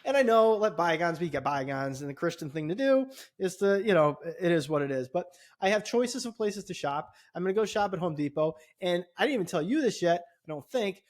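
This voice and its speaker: Middle-aged man, podcast co-host, casual storytelling, swears a lot, fairly high voice. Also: fairly quick, hardly any pauses. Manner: animated, swears often, voice rises when indignant.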